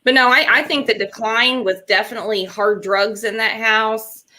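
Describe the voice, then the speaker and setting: A woman's voice: a little high, fairly even intonation, normal speed, pushed and bright. A woman hosting a casual chat, blunt and emphatic, often repeating herself. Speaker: host.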